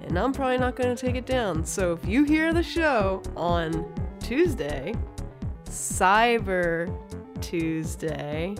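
A woman's voice: medium pitch, lively intonation, slow pace, over music. A woman co-hosting a podcast, chatting in a teasing, casual way with lots of fillers. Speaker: podcast co-host. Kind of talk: casual chat.

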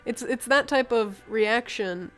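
A woman in casual chat who talks in a relaxed way with many fillers. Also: a little high, slow pace, faint music behind.

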